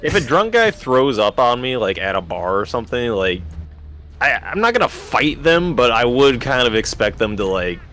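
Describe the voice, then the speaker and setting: A man's voice: medium pitch, sing-song, normal speed, fairly bright tone. A young man co-hosting a casual gaming chat, telling stories in a rambling way full of fillers. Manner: rambling, filler-heavy storytelling. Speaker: streamer and co-host.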